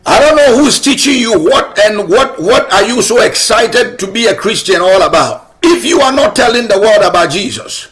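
A man's voice: sits high, expressive, moderate pace, hardly any pauses, fairly bright tone. A man preaching a sermon as pastor, emphatic and repetitive, asking rhetorical questions and pressing his point.

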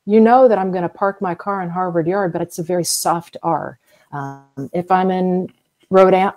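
A middle-aged woman from the American South speaks as an interview guest, explaining things in a chatty, example-filled way. Her voice sits a little low and sounds mellow and warm. She pauses often with fillers as she works through each point. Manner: chatty, explains with everyday comparisons, many fillers. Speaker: whale museum guest expert.

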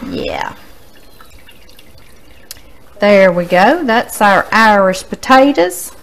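A woman's voice: mid-range voice, big pitch swings, extremely slow, vocal fry, poor audio. A woman hosting a home cooking demonstration, chatty and folksy, talking straight to her viewers. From Louisiana. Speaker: cooking show host. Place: home kitchen.

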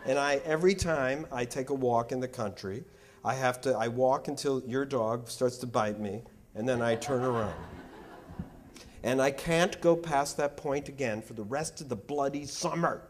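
A man giving a public lecture as an art critic, joking and teasing his audience, animated and quick to banter. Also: mid-range voice, a little hiss or hum.

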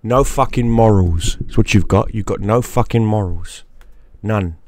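A man's voice: fairly low pitch, measured pace, darkish tone, no echo. A man giving a crude, mocking rant straight to the camera, often repeating himself for emphasis. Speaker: YouTube gaming creator. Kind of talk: profane ranting monologue.

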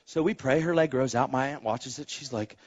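A man preaching and telling a testimony story, animated, acting out the voices of people in his story and rising to shouts as he exhorts. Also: mid-range voice, a little fast, highs cut off. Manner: animated, acts out quoted voices. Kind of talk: sermon storytelling.

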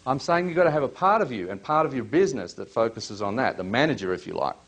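Male workshop presenter, middle pitch, conversational and probing, light humour. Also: animated, fast talker, a bit bright. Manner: chatty, questioning, joking. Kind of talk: live workshop coaching.

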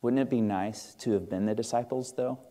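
A man's voice: mid-range voice, a little fast, mellow. A male pastor preaching a sermon in a church, earnest and conversational, asking the congregation questions. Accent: Midwestern American. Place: church sanctuary.

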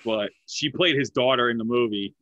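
A man's voice: medium pitch, normal speed, bright, forceful tone, dry recording. A man in his forties, from the United States, hosting a podcast in a chatty, easy-laughing way. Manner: chatty film buff, laughs easily. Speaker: podcast host. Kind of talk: casual interview chat. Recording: dry, dull lo-fi sound.

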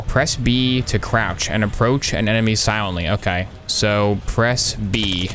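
A man's voice: fairly low pitch, steady tone, measured pace, a bit bright, a little hiss or hum. Sarcastic male gameplay commentator. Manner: dry, mocking, jokey asides.

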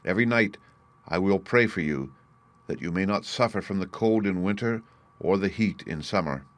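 A man's voice: sits low, lively intonation, moderate pace. A man reading a grieving queen mother. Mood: sorrowful. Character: sorrowful loving queen mother.

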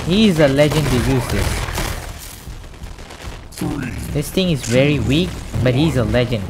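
A young man commenting on his own gameplay, excitable and trash-talking, who repeats words in chants. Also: mid-range voice, measured pace, pauses often, music in the background, poor audio. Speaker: gaming channel host. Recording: gunfire and game noise behind.

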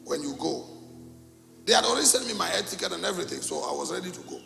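Lively gravelly-voiced preacher in a hall. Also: male voice, high-pitched, fast talker, soft background music. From Cameroon. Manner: animated storytelling, acting out dialogue. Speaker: pastor. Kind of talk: sermon storytelling. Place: church hall. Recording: echoey church hall.

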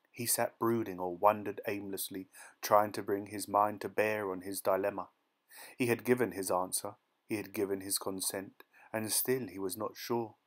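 Low-voiced man reading a story gently. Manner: soft, gentle dramatic reading, quiet on tender passages. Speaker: audiobook narrator. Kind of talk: scripted narration.

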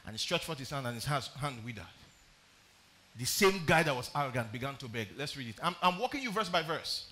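A pastor preaching a sermon, reading scripture aloud and explaining it, often putting questions to the congregation. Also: male voice, medium pitch, big pitch swings, a little fast, pushed and bright, a little hiss or hum. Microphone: streamed live sermon.

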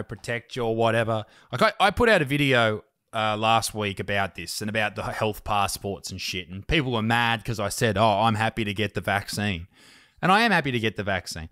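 Australian male podcast host, sweary animated storyteller, dry close sound. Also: clean tone, dry recording. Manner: swearing, animated storytelling, rising pitch when riled. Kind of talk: casual podcast chat.

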